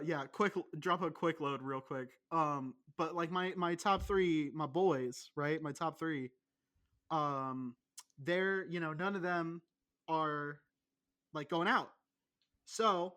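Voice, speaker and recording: Bright, high-voiced young man ranting. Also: clean tone. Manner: profane, rambling, excitable. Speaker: podcast host. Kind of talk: casual podcast banter.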